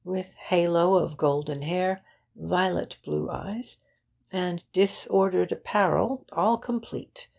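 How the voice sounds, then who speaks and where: Woman narrator, audiobook, low, slow, very creaky and husky. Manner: even, unhurried reading. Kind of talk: scripted narration.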